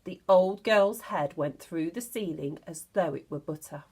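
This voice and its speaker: A woman teacher reading a storybook aloud to children with expressive narration. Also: on the low side, slightly rough. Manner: expressive, slow, lively narration.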